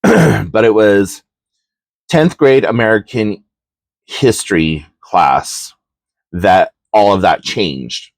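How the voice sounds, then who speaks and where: A man's voice: fairly low pitch, lively intonation, slow, creaky, long pauses, dry recording. A man hosting a podcast, telling a personal story in a candid, reflective way with frequent ums and likes. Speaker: podcast host.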